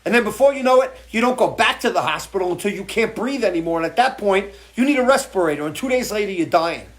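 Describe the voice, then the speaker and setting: A man's voice: high voice, lively intonation, quick pace. A man hosting a live music show, talking off the cuff in an impassioned, swearing rant full of restarts. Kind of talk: off-the-cuff livestream talk. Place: home porch.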